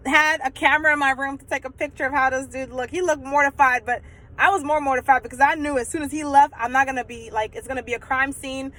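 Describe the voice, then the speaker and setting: A young woman telling a personal story on her vlog in a chatty, animated way, full of fillers. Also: high-pitched, brisk, rough recording. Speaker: vlogger.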